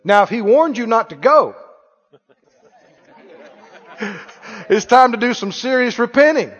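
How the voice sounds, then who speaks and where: A man's voice: very high-pitched, expressive, a little slow, fairly bright tone, some chatter behind. Male preacher, playful and emphatic, in an echoey hall with a dull recording. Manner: rhetorical questions, playful and emphatic. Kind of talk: sermon.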